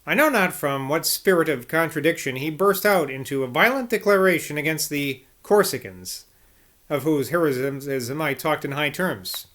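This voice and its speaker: A man's voice: fairly high pitch, normal speed, a bit bright. A man narrating an audiobook of an old memoir, reading plainly with the odd casual aside and slip. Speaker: audiobook reader.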